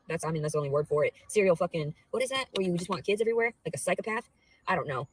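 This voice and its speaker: A young adult woman vlogging a profane, rambling rant, swearing constantly and swinging between low murmurs and loud outbursts. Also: lively intonation, rapid-fire, husky, rough recording.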